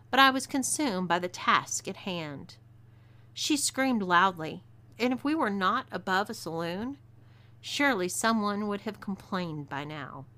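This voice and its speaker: Woman narrator, texan twang, bright clear voice, scripted story reading. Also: medium pitch. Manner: drawling, storytelling delivery.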